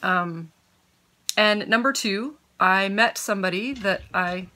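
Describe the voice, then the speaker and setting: A woman's voice: mid-range voice, takes it slowly, pushed and bright. A woman hosting a podcast from home, chatting casually and giggling as she gets sidetracked. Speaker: podcast host. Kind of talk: casual chat.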